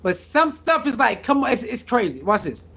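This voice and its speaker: A young man with a high-pitched voice, ranting on a live reaction stream. He talks in an animated, slangy way, repeats himself, and keeps calling out to his viewers. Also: normal speed, creaky, slightly rough. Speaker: vlogger reacting to sports news.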